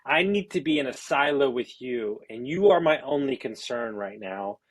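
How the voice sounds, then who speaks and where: A man's voice: medium pitch, lively intonation, normal speed, no echo. A man hosting a podcast as a life coach, speaking bluntly and directly and swearing casually. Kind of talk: conversational podcast talk.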